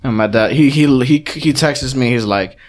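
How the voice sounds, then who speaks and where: Casting: young male podcast co-host, animated storyteller, curses a lot, medium-pitched voice. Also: normal speed. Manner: animated storyteller, swears a lot, acts out quotes. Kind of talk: casual chat, storytelling.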